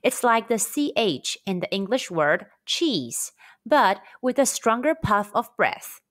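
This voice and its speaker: A woman teaching a scripted pronunciation lesson, drilling sounds slowly and carefully for learners to repeat. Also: a little high, big pitch swings, fairly bright tone. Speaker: Chinese language teacher.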